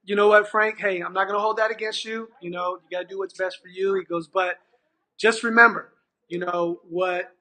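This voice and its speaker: Fairly quick and high-pitched, a middle-aged after-school program manager from California narrates a story in conversation as a guest. He brings the quoted lines to life with animation, though he restarts constantly.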